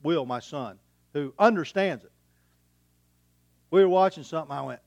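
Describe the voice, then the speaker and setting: A man's voice: a little high, normal speed, vocal fry, pauses often, darkish tone, no echo. A middle-aged man preaching a sermon as a pastor, in a folksy, conversational way with homespun humour and rhetorical questions.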